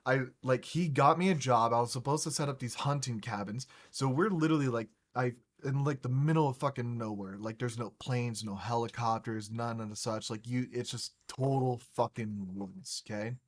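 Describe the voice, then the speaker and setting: A man hosting a gaming podcast, spinning a long casual story at a middle pitch. He swears freely and stumbles into restarts as he goes. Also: steady tone. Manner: rambling, profane, halting restarts. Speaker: podcast host.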